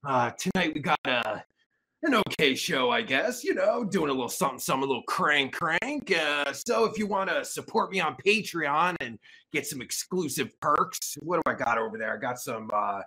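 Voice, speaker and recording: A man runs a livestream in a loud, crude, rambling rant. His voice is gravelly and husky with a bright, forceful edge. It swings widely in pitch. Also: animated, moderate pace. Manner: loud, crude, rambling, with sudden mocking outbursts. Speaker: livestream host.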